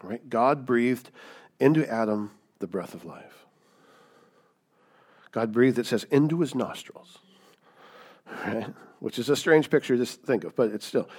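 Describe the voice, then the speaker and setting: Brief: male pastor, mid-pitched voice, talky teaching sermon, lots of tag questions. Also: lively intonation, unhurried, pauses often, darkish tone, slightly rough. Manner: conversational, keeps asking "right?".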